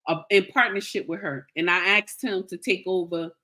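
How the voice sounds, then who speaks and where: A woman with a bright, forceful voice recounts a personal story straight to her viewers. She is animated and emphatic, and she repeats her key lines for weight. She keeps checking in with her listeners as she goes. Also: lowish voice, normal speed.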